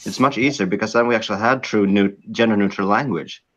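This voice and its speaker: A man with a Swedish accent talks in a lowish voice, hesitating often and restarting his sentences. His audio sounds dull and lo-fi, as if recorded on a modest setup. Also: fast talker. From Sweden. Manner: hesitant, many fillers and restarts. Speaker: guest. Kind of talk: casual podcast chat.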